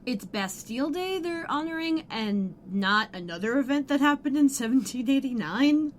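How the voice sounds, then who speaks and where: A woman's voice: high voice, expressive, normal speed, a little hiss or hum. A woman co-hosting a podcast in casual chat, blunt and jokey, swearing offhandedly and playfully opinionated. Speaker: podcast co-host. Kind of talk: casual chat recapping a TV episode.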